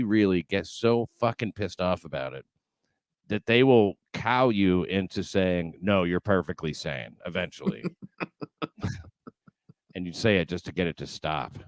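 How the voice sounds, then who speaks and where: A man's voice: low-pitched, animated, moderate pace, no echo, studio quality. A man hosting a casual late-night show, talking loosely with profane asides and laughter. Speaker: podcast host.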